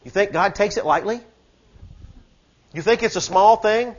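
Brief high-pitched male pastor, fervent preaching from hush to shout, muffled church recording. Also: unhurried, pauses often. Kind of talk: sermon. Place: church service.

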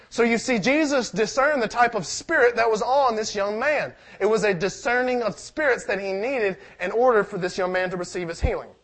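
A man's voice: sits high, a bit bright. A man preaching a sermon, reading scripture aloud and asking the congregation questions in a conversational way.

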